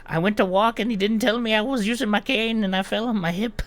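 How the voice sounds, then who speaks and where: Befuddled elderly gnome, squeaky and whiny, played by a male game master. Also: fairly even intonation, quick pace, fairly bright tone. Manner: high, whiny and forgetful. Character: confused old male gnome with a cane. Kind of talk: tabletop game voice acting.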